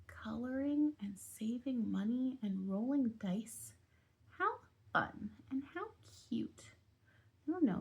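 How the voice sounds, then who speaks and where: A woman talks casually through a coloring game at home, chatty and giggly. She often slips into a half-whisper. Her voice sits a little high, with a husky, breathy edge. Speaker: budgeting vlogger. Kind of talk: casual chat while coloring. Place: home on a busy street.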